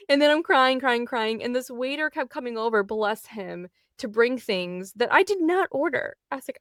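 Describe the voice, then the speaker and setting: A woman hosting her own podcast, telling a personal story candidly, animated and laughing often as she acts out the people in it. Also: on the high side, a little fast, no echo, studio quality. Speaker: podcast host.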